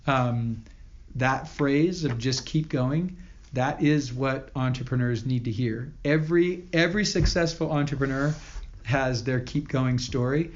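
Guy guest on a podcast, earnest and halting, lots of restarts, kinda dull lo-fi sound. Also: mid-range voice. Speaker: podcast guest, company founder. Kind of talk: storytelling interview. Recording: dull lo-fi audio.

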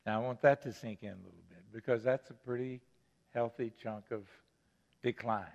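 A man's voice: medium pitch, normal speed, vocal fry, darkish tone. An older man preaching a sermon as pastor, earnest, stressing key words and repeating phrases for emphasis. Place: church sanctuary. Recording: long church reverb, dull lo-fi sound.

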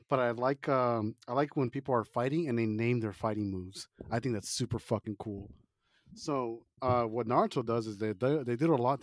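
A man's voice: medium pitch, no room sound, clean studio sound. A man co-hosting a casual podcast, recalling a childhood memory in an easygoing way with casual slang. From California. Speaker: podcast co-host. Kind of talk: casual chat.

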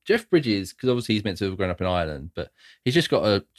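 Wry man, lively low voice. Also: quick pace, no room sound, studio quality. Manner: wry, joking asides. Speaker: podcast film reviewer. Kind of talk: casual chat.

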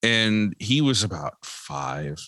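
A man co-hosting a casual chat, telling a lively story with many fillers and restarts. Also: fairly low pitch, slow, dry recording. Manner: animated anecdote with many fillers. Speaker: podcast co-host, father.

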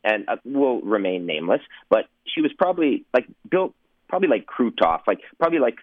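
A man's voice: mid-range voice, big pitch swings, a little fast, no echo. A man, a former sportscaster, telling anecdotes in a rambling way, with lots of fillers and laughing through his stories. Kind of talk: anecdotal storytelling. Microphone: phone line. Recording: tinny phone line.

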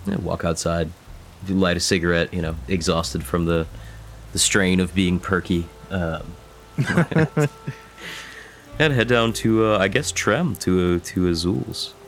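A man playing a tabletop game, describing his moves in a relaxed, self-amused way. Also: sits low, slow, a little hiss or hum. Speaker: player. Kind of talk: casual chat at a game table.

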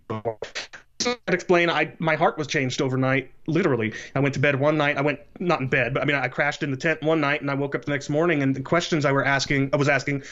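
A man in his late thirties, a podcast guest, telling his life story in a casual interview in an earnest, measured way. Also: mid-range voice, fairly bright tone. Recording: slightly dull lo-fi audio.

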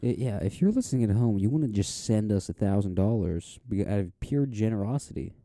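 A man hosting a comedy podcast in a mock-formal, deadpan way, playing the moderator. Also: lowish voice, fairly quick, dry recording, clean studio sound. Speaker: podcast host. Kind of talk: mock talk-show hosting.

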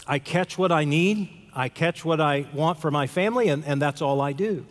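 A man voicing a calm, contented village fisherman who speaks simply and politely. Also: fairly high pitch, moderate pace, close to an everyday voice. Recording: long hall reverb.

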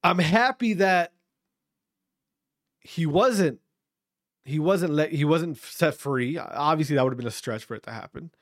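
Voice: medium pitch, unhurried, pauses often. A speaker giving an opinion rant to camera, emphatic and blunt, firing off repeated rhetorical questions and swearing for emphasis.

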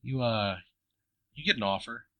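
Bright, forceful man spinning a rambling comic tale. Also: mid-range voice, normal speed, no echo, lo-fi sound. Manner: rambling, profane, full of fillers and restarts. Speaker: comedy podcast host. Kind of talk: improvised comedic storytelling.

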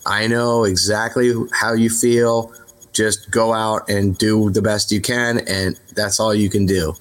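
A man with a slightly low voice tells his tour anecdotes in a loose, conversational way. He restarts sentences and leans on fillers, with the odd casual swear. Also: unhurried. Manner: relaxed, candid, mildly profane. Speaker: rock singer, podcast guest. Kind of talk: casual interview storytelling.

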